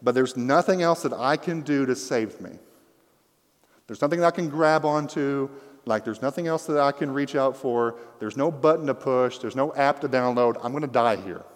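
A young man preaching a sermon through a microphone, telling a funny story with animated, rising excitement. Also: mid-range voice, long reverb tail. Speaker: pastor.

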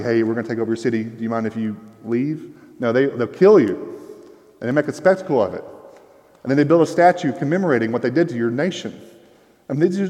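A man's voice: medium pitch, darkish tone. A man preaching a sermon in a casual, conversational way, full of fillers like "like" and "I mean.". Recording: long reverb of a hall.

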